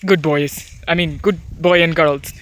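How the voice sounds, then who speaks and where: A woman's voice: low-pitched, a little slow, a little hiss or hum. A young woman giving a casual walking tour of her vegetable garden outdoors, exclaiming at her crops and calling out to her dogs. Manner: animated, exclamatory, scolds and coos at her dogs. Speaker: homestead farmer giving a farm tour. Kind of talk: casual vlog walkthrough.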